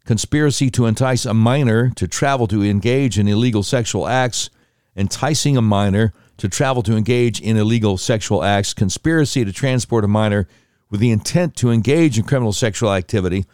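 A man's voice: medium pitch, darkish tone, clear, resonant tone, dry recording, studio quality. A man hosting a casual news commentary show, reading articles with sarcastic asides and self-corrections.

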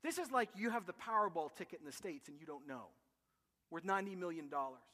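A man preaching a sermon as pastor, animated and emphatic, with vivid comparisons. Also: fairly high pitch, fast talker, long reverb tail.

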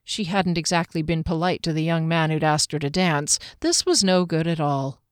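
A woman reading a fantasy novel aloud in a steady storytelling manner. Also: sits low, moderate pace, clean tone, no room sound, studio quality. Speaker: narrator.

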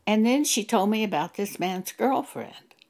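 Slow, gravelly-voiced woman preaching. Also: mid-range voice, expressive, a little mellow. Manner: earnest, measured, scripture-quoting. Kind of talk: sermon-style testimony.

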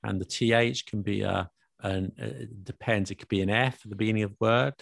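A low-pitched man, talking in a relaxed, explanatory way. His voice has a gravelly edge. The recording is dry and close. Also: a little fast, no echo. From England, north London area. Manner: explanatory, chatty, laughs often. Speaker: language video maker discussing accents. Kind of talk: casual conversational chat.

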